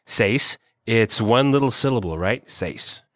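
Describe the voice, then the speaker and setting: A man with a lowish voice teaching Spanish pronunciation in a relaxed lesson chat. He breaks words down and says them slowly for learners. The sound is close and dry, with no room around it. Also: no room sound. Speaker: Spanish teacher, podcast co-host. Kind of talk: conversational language lesson.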